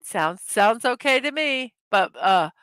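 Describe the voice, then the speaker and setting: A woman's voice: a little high, expressive, slow, a bit bright, smooth, no echo. A woman hosting a casual morning livestream, chatting loosely, laughing easily at her own jokes and correcting herself mid-sentence. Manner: rambling, self-correcting. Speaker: livestream host.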